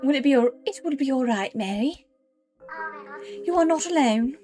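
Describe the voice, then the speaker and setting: A woman voicing a kind, mysterious lady spirit who speaks in gentle, old-fashioned phrases, over faint music. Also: high voice, expressive, moderate pace. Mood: tender.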